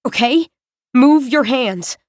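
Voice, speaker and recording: A woman's voice: sits high, lively intonation, slow pace, darkish tone, dry recording, studio quality. A woman voicing a frantic teenage girl who gives urgent orders while tending a wounded boy. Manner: urgent, pleading, commanding.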